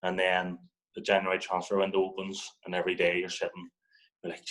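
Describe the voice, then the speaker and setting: A deep, brisk voice belongs to a young man from Northern Ireland, a football guest sharing a story in casual chat on poor audio. He tells it with animation, swearing and acting out what others said.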